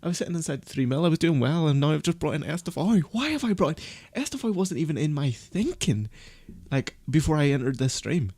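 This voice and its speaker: Gravelly, panicky male streamer. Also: on the high side, very animated, a little fast, dark tone, no room sound. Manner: panicky, self-berating, swears. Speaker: fantasy football streamer. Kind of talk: casual live-stream chat.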